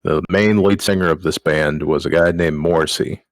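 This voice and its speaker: A man hosts a podcast in deep, fairly even tones at a moderate pace, with no room sound. His casual comedic chat is crude and joking, and he bosses his co-hosts around.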